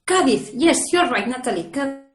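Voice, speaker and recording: A woman's voice: sits high, lively intonation, a little fast, roomy sound, low-quality recording. A woman presenting hotels on a video call, explaining in a friendly way with fillers. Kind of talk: business presentation.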